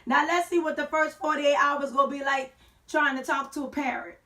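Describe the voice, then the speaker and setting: A woman hosts a casual online talk show, riffing in playful slang with sassy asides. Her voice sits high and bright. She sounds a touch distant from the microphone. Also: steady tone, normal speed. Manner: sassy, playful slang, sings and shouts for effect.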